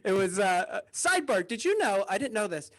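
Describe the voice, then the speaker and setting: A man's voice: high voice, sing-song, normal speed, a bit bright. A male comedian doing a rambling stand-up set over a video call, often chuckling at his own jokes.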